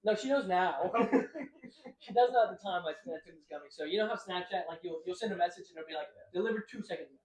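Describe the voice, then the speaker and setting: High-voiced young man telling rambling stories. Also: quick pace, echoey room, poor audio. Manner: rambling, laughing, acts out quotes. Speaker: podcast co-host. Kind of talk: casual storytelling.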